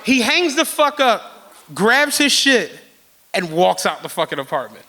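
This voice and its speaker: A man hosting a podcast live on stage, telling a story with animated energy and plenty of swearing, often laughing as he talks. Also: high-pitched, measured pace.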